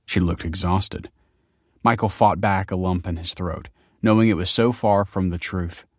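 A male audiobook narrator with a very low, deep voice, reading in a measured, steady way. The sound is close and dry, with no room around it. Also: dry recording. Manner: measured, even storytelling delivery. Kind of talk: scripted narration.

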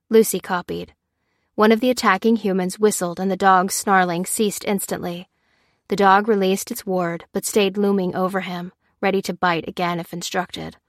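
A woman narrates an action audiobook with steady, tense storytelling. Her pitch sits mid-range. The recording is close and dry. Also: no echo. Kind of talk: scripted narration.

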